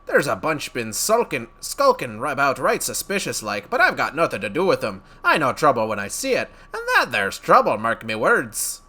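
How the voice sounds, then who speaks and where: A man's voice: medium pitch, sing-song, brisk, fairly bright tone, pitched above the performer's own voice. A man voicing a suspicious young villager who talks in a rustic dialect, dropping his g's. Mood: wary.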